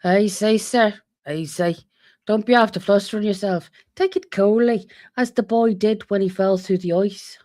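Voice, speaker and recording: A woman's voice: mid-range voice, moderate pace, darkish tone, lightly acted. A woman doing a sly trickster servant. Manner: wheedling, teasing, mock-soothing.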